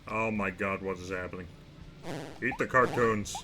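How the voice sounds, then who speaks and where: A man's voice: lowish voice, fairly even intonation, moderate pace, over music. A young man streaming a game, reacting with wry asides as he plays. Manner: wry, talks to himself while reacting to the game. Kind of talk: let's-play commentary.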